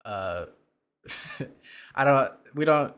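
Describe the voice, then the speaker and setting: A man's voice: medium pitch, lively intonation, very slow, a bit bright, clear, resonant tone. A man giving sarcastic, mocking reaction commentary on a clip he is playing. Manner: mocking, dry remarks.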